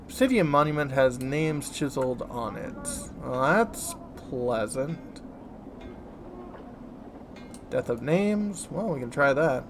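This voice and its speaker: A man hosting a let's play, reading game text aloud with relaxed, offhand asides. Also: mid-range voice, a little slow, background noise.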